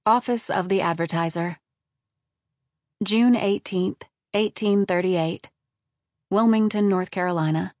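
Woman audiobook narrator, measured and even, mid-pitched, dry close-miked studio sound. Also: no echo. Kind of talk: scripted narration.

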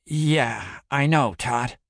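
A man's voice: medium pitch, lively intonation, extremely slow, vocal fry, no echo, clean studio sound, voice pushed up, heavily acted. A man reading aloud and voicing an anxious young male trainee whose voice wavers, in a storybook reading. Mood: nervous. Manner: nervous, wavering.

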